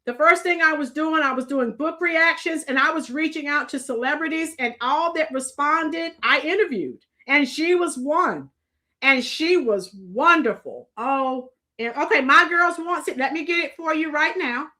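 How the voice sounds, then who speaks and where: A woman's voice: sits high, lively intonation, moderate pace, bright, forceful tone. A middle-aged woman from Florida hosts a live stream in casual chat, rambling and answering viewers' comments by name.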